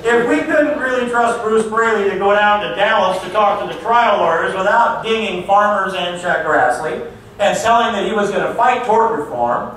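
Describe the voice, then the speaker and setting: A man's voice: sits high, fairly bright tone. A man giving a political speech, telling folksy, mocking stories to a crowd. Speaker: political speaker. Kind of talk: stump speech. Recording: echoey hall from far off with faint noise.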